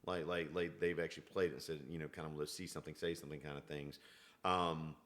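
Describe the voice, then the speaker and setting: Guy, really low voice, talks quick, tells stories and acts out the other people. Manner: animated storyteller, acts out quoted exchanges. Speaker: guest, independent country singer. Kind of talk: casual podcast chat.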